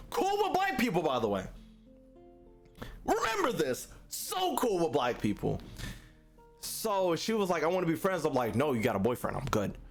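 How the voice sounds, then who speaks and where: A young man tells his chat a long story with a lively, swooping voice, cursing freely and acting out everyone's lines. Faint music plays behind him. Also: on the high side. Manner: animated, profane, acts out quotes. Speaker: streamer.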